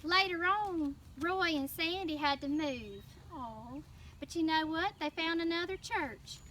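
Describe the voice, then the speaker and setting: A woman with a Southern US accent telling a children's story in church, animated and prompting the kids to answer. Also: very high-pitched, a little slow. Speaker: children's mission teacher. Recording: distant mic with faint noise.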